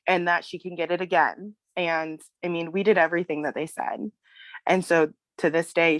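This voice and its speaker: A woman in her thirties, a mother telling a personal story in a halting, tearful way and apologizing as she goes. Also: lowish voice, no room sound. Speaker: guest sharing a testimonial.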